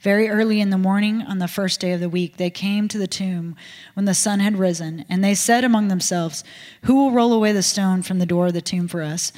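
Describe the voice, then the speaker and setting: A woman reading scripture aloud in a steady, even manner. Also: mid-range voice, brisk. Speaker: scripture reader. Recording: long hall reverb.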